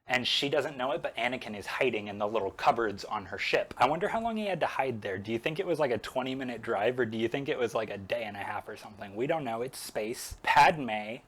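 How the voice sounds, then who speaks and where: A man's voice: mid-range voice, animated, quick pace, few pauses, a bit bright, husky. A man vlogging while he paints, recapping a film in a sarcastic, rambling way full of "like".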